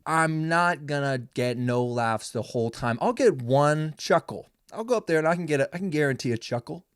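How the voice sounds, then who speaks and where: A man's voice: fairly high pitch, animated, moderate pace, clear, resonant tone, no room sound, studio quality. A young man hosting a casual solo podcast, rambling and swearing freely, mocking himself as he talks. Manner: rambling, profane, self-mocking. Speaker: podcast host.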